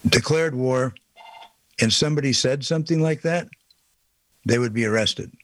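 A man's voice: mid-range voice, moderate pace. A man delivering an indignant political opinion monologue, pressing his points with repeated rhetorical questions. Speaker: political commentator.

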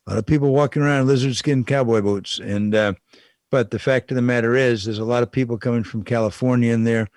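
A man's voice: medium pitch, fairly even intonation, quick pace, darkish tone, no room sound. An older man giving a casual, wry political commentary monologue, repeating his points and chuckling at the absurd bits. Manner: wry, repetitive, chuckling asides.

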